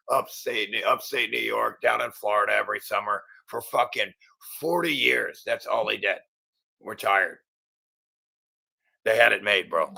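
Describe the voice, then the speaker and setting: A man's voice: on the low side, unhurried, creaky, bright, forceful tone, husky. A middle-aged man hosting his own channel, ranting angrily in a profane, agitated monologue full of stumbling restarts. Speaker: channel host.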